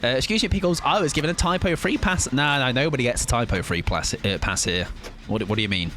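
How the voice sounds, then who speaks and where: A man's voice: medium pitch, fast, pushed and bright, a little hiss or hum. A young English man chatting casually with his viewers while playing a game on a livestream. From England. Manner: chatty, jokey, reads chat aloud while playing. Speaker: streamer. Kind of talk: casual gaming livestream chat.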